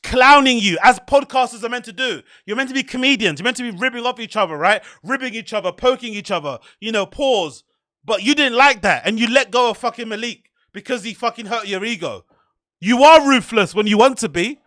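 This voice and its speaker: A man's voice: very high voice, animated, a little fast, sharp tone, no echo, studio quality. A man hosting a show, giving profane, sarcastic commentary full of rhetorical questions. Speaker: host. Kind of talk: ranting commentary on clips.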